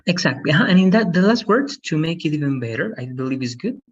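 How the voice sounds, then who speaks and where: A man teaching an English lesson, encouraging and patient, slowing down to model how words are stressed. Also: fairly high pitch, lively intonation, slightly rough. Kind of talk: online language lesson. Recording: dull lo-fi sound.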